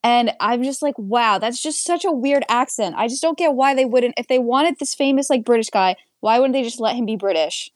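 A woman's voice: on the high side, fairly quick, few pauses, no echo, clean studio sound. Blunt, sarcastic young woman. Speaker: podcast co-host. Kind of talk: casual movie review chat.

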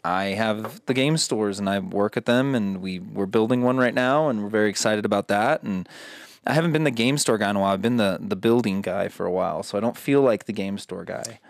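A man telling a story in a casual, profane, animated way, acting out quotes as he goes. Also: lowish voice, a little fast, creaky, no echo, studio quality.

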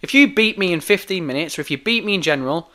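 A brash, hoarse female wrestler trash-talks with cocky swagger, as a man puts her on in his own voice. Her lines come out bright and forceful, pitched a little high. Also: expressive, fast talker. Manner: brash, sweary, dismissive.

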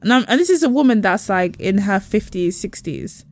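A woman in casual podcast chat, her voice at a middle pitch and recorded dry and close. She tells stories with animation, slipping into the voices of the people she describes. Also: moderate pace, no echo. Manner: animated storytelling, acting out quoted people. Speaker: podcast co-host.

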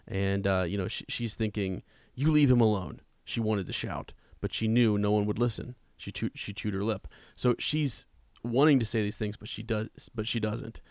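A man's voice: fairly low pitch, fairly even intonation, moderate pace, no echo, clean studio sound. A man co-hosting a podcast, chatting casually about a book and reading passages aloud with frequent restarts. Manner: conversational, repeats words, reads quotes plainly. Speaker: podcast co-host.

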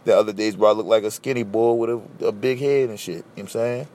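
A young man from Philadelphia with a Philly accent, hosting a casual solo podcast and telling stories in a blunt, profane, animated way. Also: on the low side, fast talker. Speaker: podcast host.

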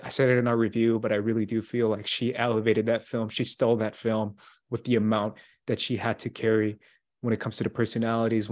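A man's voice: fairly low pitch, darkish tone. A young man co-hosting a casual movie podcast, enthusiastic and laughing easily as he counts down his list. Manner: enthusiastic, ranking films with a laugh. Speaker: podcast co-host.

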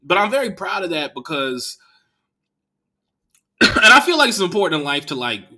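A young man from the Bay Area hosts a podcast and tells stories in a loose, profane way. His voice is bright and forceful, and it jumps up sharply in pitch when he gets animated. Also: moderate pace. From Bay Area, California. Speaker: podcast host. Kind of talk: casual storytelling monologue.

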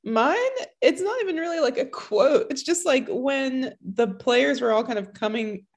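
A woman's voice: high-pitched, moderate pace. A woman co-hosting a casual podcast who laughs often while retelling moments. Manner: giggly, animated retelling. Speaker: podcast co-host. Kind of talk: casual recap chat.

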